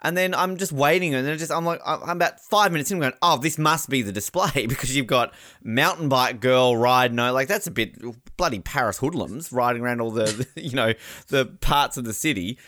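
A man chatting casually as a podcast co-host. He talks in an animated way, laughing and acting out voices. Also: mid-range voice, a little fast, no room sound. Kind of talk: casual chat.

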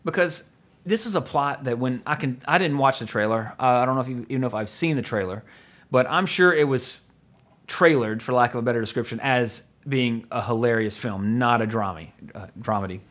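A man with an ordinary mid-pitched voice hosts a casual podcast conversation. He rambles through his thoughts, piling up fillers and restarts and breaking into small laughs. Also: fairly quick, a bit bright. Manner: rambling, filler-heavy, with frequent chuckles. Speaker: podcast host. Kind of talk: casual film-review chat.

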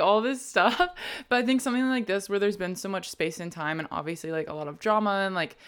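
A woman's voice: on the low side, clear, resonant tone. A young woman co-hosting a podcast, talking enthusiastically in casual chat. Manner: enthusiastic, animated fan talk. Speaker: podcast co-host.

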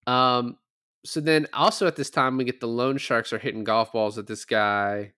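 A man's voice: medium pitch, steady tone, moderate pace, pushed and bright, clean tone, dry recording, studio quality. A man co-hosting a podcast, casually retelling film scenes with quoted lines and frequent laughs. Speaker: podcast co-host. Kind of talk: casual movie review chat.

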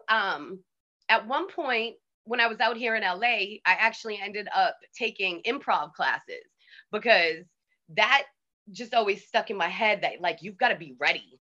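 A woman with a Boston accent, a DJ telling stories in a casual interview, animated and swearing freely. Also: fairly high pitch, lo-fi sound. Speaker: DJ guest.

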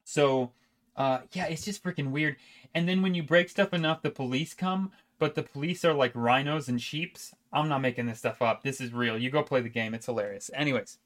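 A man's voice: mid-range voice, a little fast, a bit bright. A man chatting casually about video games on a podcast, rambling with frequent restarts and laughs. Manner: rambling, laughing, self-interrupting. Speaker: podcast co-host. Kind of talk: casual gaming chat.

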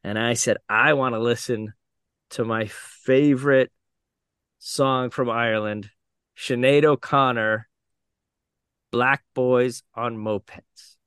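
A man's voice: medium pitch, fairly even intonation, slow pace, pauses often, fairly bright tone, clear, resonant tone, no room sound, studio quality. A man hosting a podcast, telling a funny travel story and mimicking the voices of the people in it. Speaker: podcast host. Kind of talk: storytelling anecdote.

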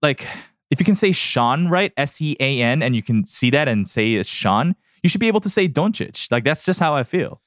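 A man's voice: mid-range voice, lively intonation, moderate pace, hardly any pauses, a bit bright, no room sound, clean studio sound. A man in casual podcast chat as the show's producer, emphatic and opinionated, laughing often.

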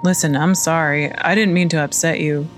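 A woman's voice: low voice, fairly even intonation, normal speed, soft background music, natural voice. A woman voicing a cocky young hippie man who talks in casual slang and turns defensive. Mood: placating.

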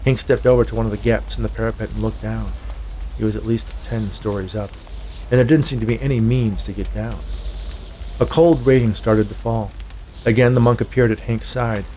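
A man narrating a scripted horror story in a measured way. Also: lowish voice, fairly even intonation, dark tone, slight background noise.

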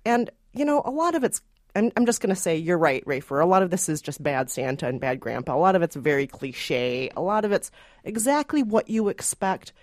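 Woman, podcast co-host, lively up-and-down pitch, dry close sound, casual movie chat. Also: brisk, no room sound. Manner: animated, laughs easily. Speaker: podcast co-host, film critic.

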